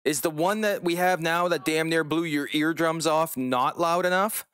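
A man live-streams a game, chatting casually with viewers and joking and swearing now and then. His voice is a little high and fairly bright, at a moderate pace, with a clean tone and clean studio sound that has no room sound.

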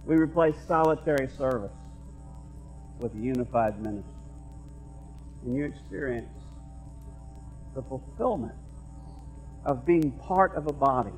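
A middle-aged man preaching a sermon as pastor, moving between quiet conversational asides and loud, emphatic repeated lines. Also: mid-range voice, lively intonation, a little slow, pauses often, faint music behind, poor audio. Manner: conversational preaching that swings from hushed asides to raised emphatic repetition.

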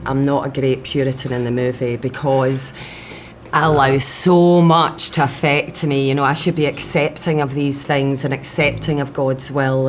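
A woman's voice: very deep voice, slight background noise. A woman, an actress, talking eagerly in an interview, quoting her own thoughts as she goes. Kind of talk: press junket interview.

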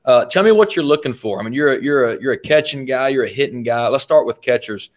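This is a man with a mid-pitched voice hosting a casual interview. He encourages his guest and recaps what was said before he asks his next question. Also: lively intonation, fast talker. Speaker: podcast host.

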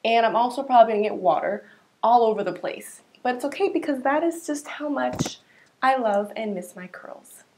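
A woman in her twenties, a vlogger, talking casually to camera in a bubbly, expressive way. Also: normal speed, slight background noise. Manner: bubbly and expressive, swinging pitch.

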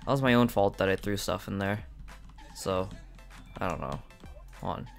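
A man giving casual, excitable gameplay commentary, talking directly to his viewers with frequent outbursts. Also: deep voice, moderate pace, vocal fry, soft background music. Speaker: gaming channel host.

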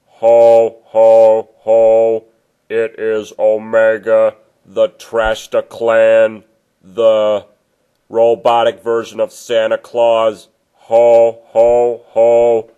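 A man voicing a big red robot Santa who speaks in a halting, flat robotic way. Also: fairly low pitch, smooth, dull audio. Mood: booming, robotic.

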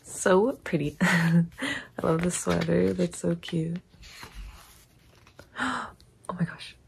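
A young woman giggling and gushing excitedly as she unboxes and comments on a photobook. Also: fairly low pitch, takes it slowly, gravelly, slight background noise. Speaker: unboxing vlogger.

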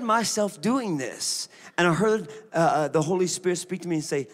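A man, a pastor preaching a sermon, moving from relaxed storytelling to shouted declarations. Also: fairly high pitch, normal speed, few pauses. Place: church sanctuary.

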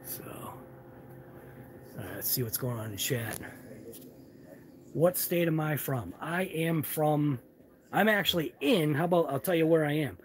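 A man's voice: a little high, expressive, unhurried, long pauses, background noise. A man with a Massachusetts accent who drops his R's, chatting casually as he walks a camera through a large hobby shop, rambling and muttering asides. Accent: Boston-area Massachusetts, non-rhotic. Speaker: channel host. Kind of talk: live walkthrough vlog.

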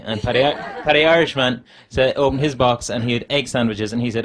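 A man's voice: medium pitch, fairly quick, few pauses, crowd noise. A man in the audience telling a joke, hesitant and plain in delivery. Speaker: audience member.

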